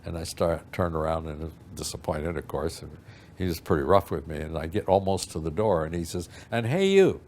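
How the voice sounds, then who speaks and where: Older man with a very deep voice, telling a story. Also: fairly even intonation, a little fast, a little mellow, a little hiss or hum. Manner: rambling storyteller who acts out the people he quotes. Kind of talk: anecdotal interview storytelling.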